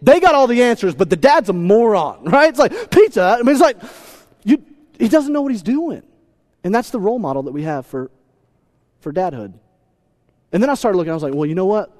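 A man in his thirties preaching a sermon, telling a story in an animated, self-deprecating way and often repeating his words. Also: sits high, brisk, pauses often. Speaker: pastor.

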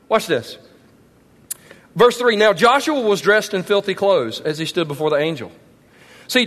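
A male pastor preaching a sermon in a large church auditorium, animated and emphatic, often asking the crowd questions. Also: sits high. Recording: long hall reverb.

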